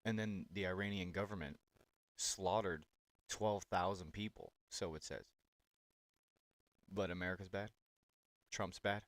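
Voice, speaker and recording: A man's voice: sits low, fairly even intonation, unhurried, pauses often, no echo. A man hosting political reaction commentary on clips, talking in a blunt, sarcastic and profane way.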